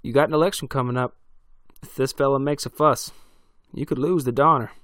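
A man voicing a male hunter from town who speaks loud and urgent. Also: mid-range voice, steady tone, fairly quick, no echo, studio quality, pitched above the performer's own voice, close to an everyday voice.

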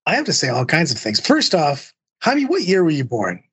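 A man's voice: fairly high pitch, wildly swooping pitch, a little fast, a bit bright, breathy edge. A man co-hosting a gaming podcast who cracks jokes and tells stories about his fellow players. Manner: wisecracking storyteller. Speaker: co-host. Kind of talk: casual podcast banter.

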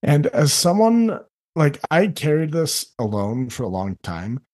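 A middle-aged man who works as a life coach, talking earnestly on a podcast and often acting out other people in quick asides. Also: on the high side, big pitch swings, a little mellow. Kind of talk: candid podcast conversation.

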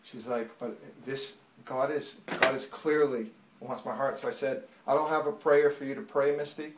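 A man giving a church testimony as a lively storyteller, dropping to a hush and then rising loud as the story builds. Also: medium pitch, moderate pace, heavy background noise. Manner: animated storyteller, swings from hushed to loud. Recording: echoey room, mic far off.

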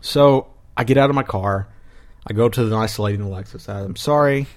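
A man's voice: fairly low pitch, brisk. Man ranting and swearing through a story. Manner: profane, animated retelling with quoted voices. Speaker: podcast host. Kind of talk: casual chat, storytelling a rant.

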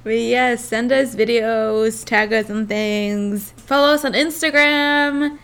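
Slow-talking, high-voiced giggly woman. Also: fairly even intonation, fairly bright tone, clear, resonant tone. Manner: giggly, sensitive, frequent laughter. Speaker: podcast co-host. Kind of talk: casual chat.

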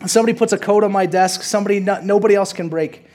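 A man's voice: high-pitched, rapid-fire, a little mellow, voice pushed up, lightly acted. A man reading a movie monologue aloud, voicing a brilliant, bitter young working-class man in a long sarcastic rant. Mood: sardonic.

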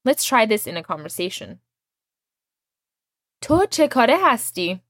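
A woman teaching a language lesson, explaining words patiently and clearly and modeling each one for her student to repeat. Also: on the high side, sing-song, fairly quick, a bit bright, no room sound, clean studio sound.

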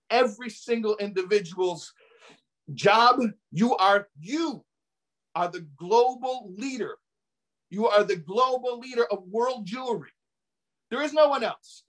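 A man's voice: very high voice, animated, measured pace, fairly bright tone. A man giving an impassioned sermon as a rabbi, often repeating phrases for emphasis and sprinkling in Hebrew and Yiddish terms.

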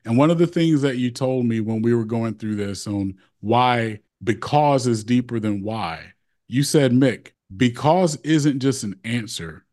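A man's voice: medium pitch, lively intonation, unhurried, darkish tone. Guy hosting a podcast, earnest, reading his questions. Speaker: podcast host. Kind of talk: interviewing a guest.

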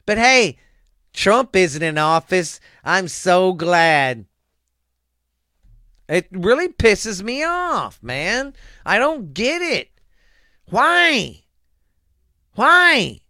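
A man's voice: sits high, sing-song, extremely slow, long pauses, sharp tone, no echo, clean studio sound. A man hosting his own show, ranting angrily at his listeners, swearing constantly and rambling as he goes. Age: adult with children. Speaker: show host. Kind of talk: angry profane rant to listeners.

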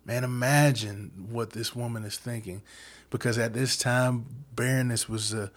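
A man's voice: medium pitch, fairly even intonation, normal speed. A man telling a Bible story in a casual, slangy way, often saying "man" and acting out the characters' lines in conversation. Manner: slangy, laid-back, says "man" a lot. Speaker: Bible study speaker.

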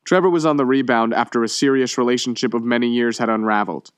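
A man reading a short story aloud in measured, steady narration. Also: medium pitch, smooth, no echo. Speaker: reader. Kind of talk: audiobook reading.

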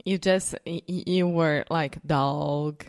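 A woman co-hosts a casual English lesson, practicing words as a learner. Her voice sits fairly low and she speaks slowly. She keeps her replies short and playful. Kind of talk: casual teaching chat.

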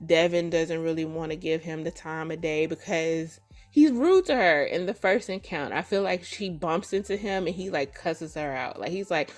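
A woman hosting a podcast who retells a story in a casual, animated and profane way. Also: low-pitched, normal speed, faint music behind. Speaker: podcast host. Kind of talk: casual chat.

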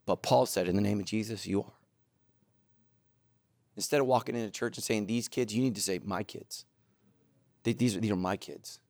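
A middle-aged man preaching a sermon, telling stories animatedly, moving between loud excitement and low, earnest intensity. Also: fairly quick, pauses often, no room sound. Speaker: pastor.

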